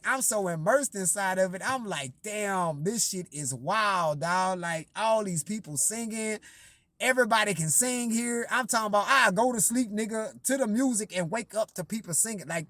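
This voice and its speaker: A man's voice: high voice, fairly bright tone, no room sound. A man telling a story in a casual monologue, profane and rambling with lots of fillers and repeated words.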